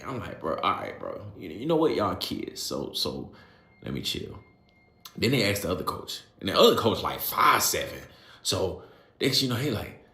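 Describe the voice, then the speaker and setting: A man in his late twenties, a youth coach, telling a story to camera in an animated, exasperated, slangy way. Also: medium pitch, normal speed. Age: late 20s. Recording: roomy echo.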